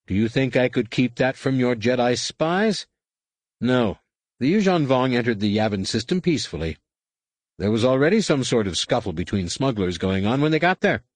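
A man's voice: medium pitch, very animated, moderate pace, no echo. A man voicing a scheming male alien politician who speaks in a condescending, clipped and threatening way. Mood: smug, cold.

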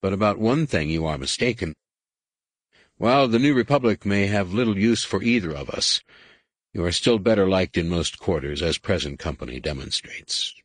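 Audiobook: male reader as a prickly young warrior, curt and formal, deep husky voice. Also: lively intonation, moderate pace, dry recording. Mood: proud formal.

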